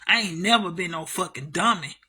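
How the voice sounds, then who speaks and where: A woman's voice: fairly low pitch, fairly quick, bright, forceful tone, slight background noise. A woman telling a story to her camera in a casual monologue, blunt and heavily profane, repeating herself for emphasis. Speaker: vlogger.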